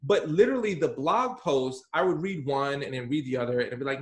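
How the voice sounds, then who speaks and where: A man's voice: a little high, fairly quick, few pauses. Emphatic man in an echoey room. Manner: emphatic, animated, slangy. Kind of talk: casual podcast chat.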